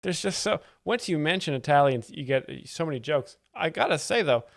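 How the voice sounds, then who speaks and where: A man's voice: a little high, animated, normal speed, creaky, no echo. A man hosting a live stream, rambling through comedy clips and explaining the jokes in a dry, mock-serious way, talking into a desk mic at home. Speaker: livestream host.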